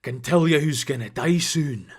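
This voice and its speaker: A man's voice: moderate pace, slightly rough. A man voicing an old, grumbling Scottish hunchback with a thick accent. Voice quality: grumbling, low mumble.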